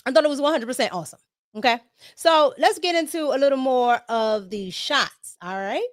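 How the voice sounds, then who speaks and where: A woman's voice: sits high, normal speed, dry recording, clean studio sound. A woman hosting a casual political livestream, talking emphatically, repeating herself and tagging her points with "okay?". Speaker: political commentary host.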